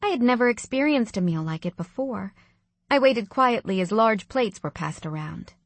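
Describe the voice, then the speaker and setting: A woman narrating a first-person audiobook in a soft, reflective way. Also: fairly high pitch, expressive, moderate pace, no room sound.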